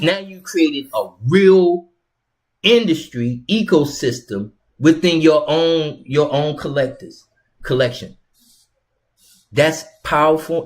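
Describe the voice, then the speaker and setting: A man hosting his own show, talking casually and rambling with repeated words and slang. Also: a little high. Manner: rambling, repetitive, conversational with slang. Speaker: host. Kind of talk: casual instructional monologue.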